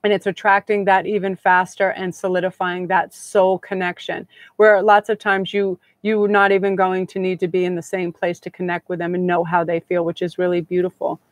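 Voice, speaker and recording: A woman's voice: lowish voice, little pitch movement, normal speed, no echo. A middle-aged woman hosting a live tarot reading, talking in a chatty, gushing, meandering way. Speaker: tarot reader and host.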